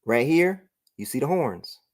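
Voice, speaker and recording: A man's voice: medium pitch, very animated, measured pace. Guy teaching a religion class on a stream, says all right a lot, asks if you got it. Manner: checks understanding, repeats "all right" often. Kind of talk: informal religious class over a broadcast.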